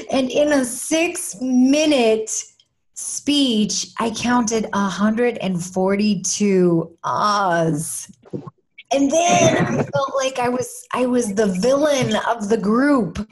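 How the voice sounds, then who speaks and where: A woman with a Kansas accent chats as an interview guest, her voice sitting a little high. She talks at an easy, unhurried pace and tells her stories with animated, playful warmth. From Kansas, USA. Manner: animated storyteller, playful, bursts into sing-song. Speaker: guest, motivational speaker. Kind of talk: casual interview chat.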